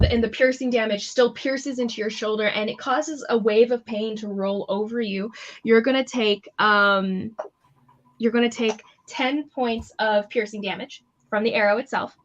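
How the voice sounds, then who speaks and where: Chatty woman game master, lo-fi mic. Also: on the high side. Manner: loose, chatty narration with many fillers. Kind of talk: narrating a tabletop game. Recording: slightly muffled lo-fi mic.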